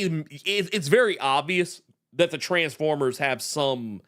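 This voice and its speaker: A man co-hosting a casual comic book talk show, animated and swearing freely, with loud laughs between points. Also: fairly high pitch. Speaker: podcast co-host.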